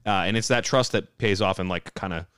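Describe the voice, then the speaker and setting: A man's voice: fairly low pitch, fairly quick, a bit bright, smooth, no room sound, clean studio sound. A young man co-hosting a podcast, adding wry, wordy commentary full of colorful turns of phrase. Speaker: podcast co-host. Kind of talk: casual chat.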